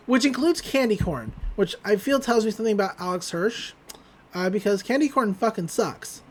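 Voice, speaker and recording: Podcast host, mid-pitch voice, loose chatty delivery with casual swearing; recaps a cartoon episode. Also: expressive, normal speed.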